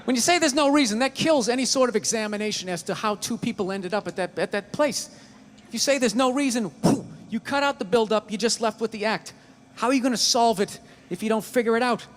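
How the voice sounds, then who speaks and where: High-voiced American comedian ranting on stage. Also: male voice, quick pace, slight background noise. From United States. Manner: ranting, profane, acts out both sides of an argument. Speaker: stand-up comedian. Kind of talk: stand-up routine before a live audience.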